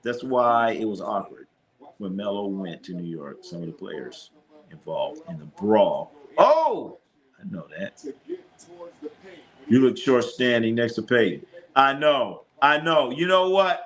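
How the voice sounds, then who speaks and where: A man hosting a casual live sports stream, telling animated stories in a slangy way and swearing freely. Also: high voice, unhurried. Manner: animated storytelling, acts out his own lines.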